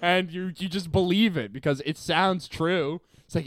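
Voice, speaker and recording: A young man from Canada co-hosting a podcast, excitable and profane, laughing often in casual banter. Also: sits high, normal speed, dry recording, clean studio sound. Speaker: podcast co-host.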